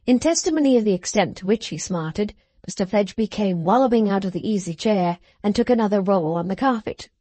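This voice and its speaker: Mellow female audiobook narrator. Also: medium pitch, expressive, fairly quick, no echo. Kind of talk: scripted narration.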